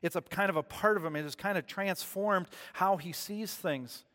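A man preaching to his congregation in a casual, storytelling manner, stopping to ask them questions. His voice sits a little higher than most men's. The sound carries a long church reverb. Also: normal speed, pushed and bright. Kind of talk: sermon.

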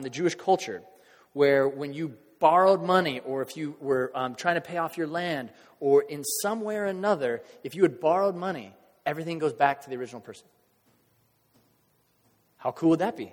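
A middle-aged man preaching a casual, conversational sermon, swinging from hushed asides to loud bursts as he acts out crowd reactions. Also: a little high. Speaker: pastor. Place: church sanctuary. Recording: long hall reverb.

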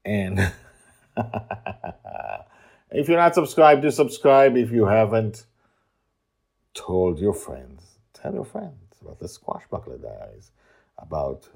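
A man's voice: fairly low pitch, very animated, slow, gravelly, pauses often, a little mellow, husky. A man hosting a podcast and reading his own fantasy story aloud in a playful, theatrical way, with sing-song interjections.

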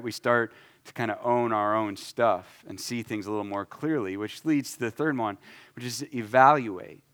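A man preaching a conversational sermon, acting out short prayers in his own voice and swinging between loud, emphatic lines and quiet asides. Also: on the high side. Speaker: pastor.

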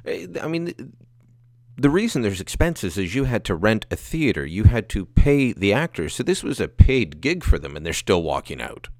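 Low-voiced male podcast host. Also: big pitch swings, normal speed, a little mellow, no echo, studio quality. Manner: conversational, pointed questions. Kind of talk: interview.

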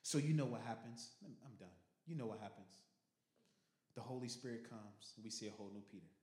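A pastor preaching a sermon, animated and swinging from loud to hushed, talking casually with the congregation. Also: male voice, lowish voice, a little fast. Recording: roomy echo.

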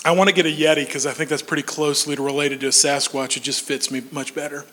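A man in his forties telling comic stories on stage, animated and laughing through his punchlines. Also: on the high side, fast talker. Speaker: stand-up comedian. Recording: long hall reverb.

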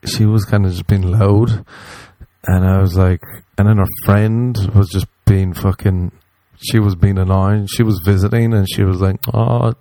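A man's voice: on the low side, a little slow, dry recording. A man casually telling a rambling, profane story, acting out what he and others said. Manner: rambling, profane, animated quoting of himself.

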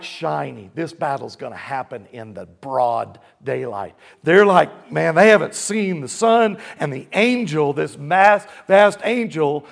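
With a creaky voice, this male pastor delivers a sermon that moves between booming, loud stretches and quiet, hushed moments. He calls on the congregation to respond.

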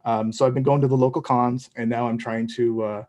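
A man's voice: mid-range voice, fairly even intonation, brisk, a little mellow, highs cut off. A middle-aged man, a comic book creator, answering interview questions in a loose, rambling way with many restarts. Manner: rambling, hesitant, full of restarts. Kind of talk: casual interview talk.

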